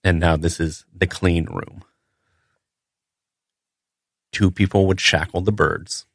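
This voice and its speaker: Deep-voiced man explaining butchery plainly. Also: steady tone, takes it slowly, vocal fry, dry recording, studio quality. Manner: matter-of-fact, explains step by step with fillers. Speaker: butcher and podcast host. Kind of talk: casual storytelling.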